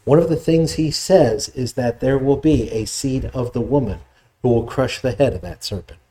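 Male pastor, mellow tone, conversational sermon delivery. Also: mid-range voice. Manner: explanatory, conversational preaching with restarts.

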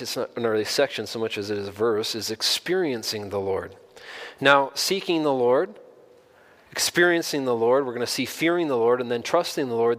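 An earnest male pastor preaching a sermon at a middle pitch. He leans on key phrases and climbs in pitch and loudness for emphasis. His voice carries a long reverb, as in a large hall.

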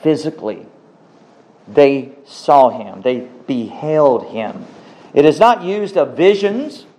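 A man preaching a sermon, slow and emphatic, repeating key words for weight. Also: on the high side, darkish tone. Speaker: pastor.

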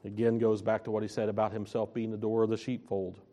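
A man preaching a sermon, slow and emphatic, stressing and repeating his key phrases. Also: on the low side, flat delivery, mellow.

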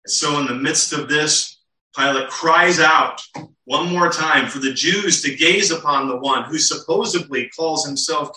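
A man's voice: fairly high pitch, sharp tone. A man preaching a sermon, teaching earnestly with rhetorical questions to the congregation. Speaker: pastor. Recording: roomy and distant.

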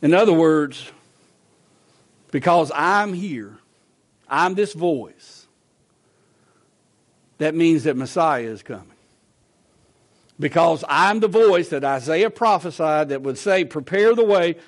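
High-voiced, slow-preaching pastor. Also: male voice. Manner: earnest preaching, swinging between low and raised emphasis; repeats himself in quick conversational asides. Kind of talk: sermon. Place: church sanctuary.

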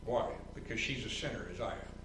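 A man preaching a sermon as pastor, building from calm reasoning to loud, rising emphasis and mimicking others in a higher voice. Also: a little fast, roomy sound, distant mic, background noise. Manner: mocking quotes in a higher voice.

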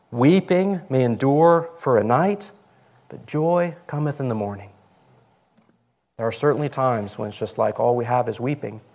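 A man preaching a sermon in a church, earnest and conversational, with emphatic asides. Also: mid-range voice. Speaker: pastor. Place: church sanctuary.

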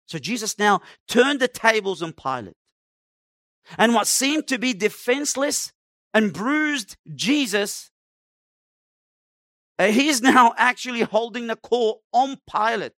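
Male preacher, high-pitched, emphatic sermon delivery, dry close recording. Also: expressive, a little slow, pauses often, sharp tone, no echo. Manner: emphatic, dramatic preaching with acted-out quotes.

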